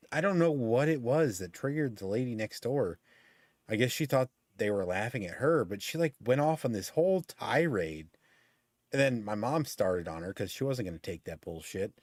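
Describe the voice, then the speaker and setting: A man's voice: on the low side, no room sound, clean studio sound. A middle-aged man telling a story in casual chat, swearing freely and ranting as he goes. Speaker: podcast host.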